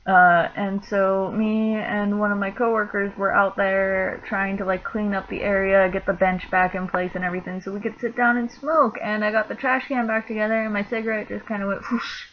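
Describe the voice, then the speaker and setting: A woman's voice: mid-range voice, little pitch movement, normal speed. A young woman chats through a story in a casual home vlog, with a mid-range voice and an easy, rambling manner full of filler words. She laughs now and then as she goes. The sound is dull and lo-fi, with a faint hiss behind her. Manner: chatty, laughing, lots of "like" fillers. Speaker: vlogger.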